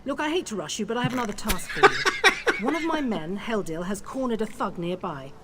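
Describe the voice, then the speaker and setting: A woman playing a commanding guard captain, hurried and authoritative. Her pitch moves in a lively way. Clear ambient noise sits under her voice. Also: natural voice.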